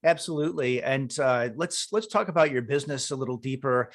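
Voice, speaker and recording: A man's voice: medium pitch, brisk. A man hosting an interview podcast, enthusiastic and encouraging, laughing often with his guest. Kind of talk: casual interview.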